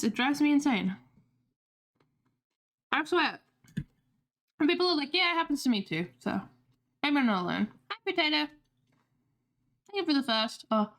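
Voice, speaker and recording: A young woman with a fairly high voice chats casually on a livestream. She rambles, swears freely and drops in laughing asides between stories. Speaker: streamer.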